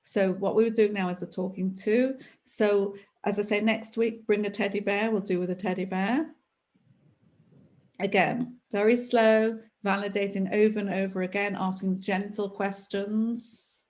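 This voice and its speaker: A woman trainer walks a group through a method, talking slowly and repeating herself with patience. Her voice sits in a middle register, calm and steady, as she guides students through each step of an online session. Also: medium pitch. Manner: slow, repetitive, patient explaining. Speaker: therapy trainer.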